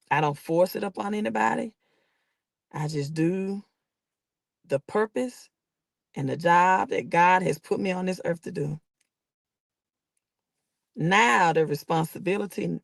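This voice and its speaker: Southern woman with a gravelly, preachy voice. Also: fairly low pitch, no room sound. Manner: preachy, emphatic, talks straight to her viewers. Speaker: livestream host giving financial advice. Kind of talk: casual livestream talk. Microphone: phone.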